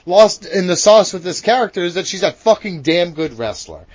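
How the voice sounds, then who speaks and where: A man's voice: high voice, expressive, normal speed, no echo, highs cut off. A man co-hosting a wrestling podcast, brash and teasing, swearing freely in casual banter. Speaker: podcast co-host.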